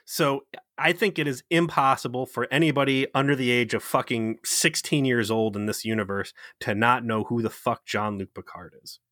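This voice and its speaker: A man with a bright, forceful voice rants sarcastically through a casual critique chat. The recording is dry and close, with no room sound. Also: medium pitch, fairly even intonation, moderate pace, no room sound. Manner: ranting, profane, sarcastic. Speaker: podcast co-host.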